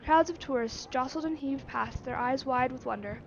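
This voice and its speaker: A woman streamer reading a text adventure game aloud, with expressive narration and musing asides. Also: high voice, normal speed, creaky. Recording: slightly dull lo-fi with faint noise.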